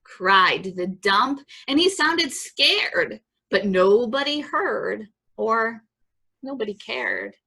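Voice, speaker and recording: A woman librarian reading a picture book aloud at children's story time, expressive and rhythmic, with chatty asides to the kids. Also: a little high, slow, vocal fry, slightly rough. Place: library program.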